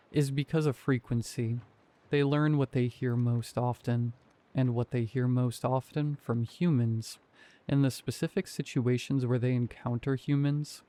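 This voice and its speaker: A man reading a horror story aloud as scripted narration, in a calm, measured way. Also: medium pitch.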